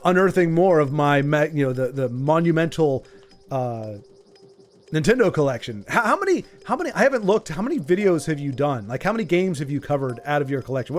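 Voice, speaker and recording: A man streaming a video game, chatting casually and jokingly with his viewers in a rambling way. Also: a little high. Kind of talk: casual live-stream chat.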